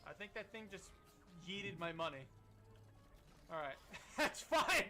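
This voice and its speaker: A man streaming live gameplay, commenting excitably with frequent swearing and bursts of laughter. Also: high voice, a little slow, music in the background. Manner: excitable, loud outbursts and laughter; swears freely.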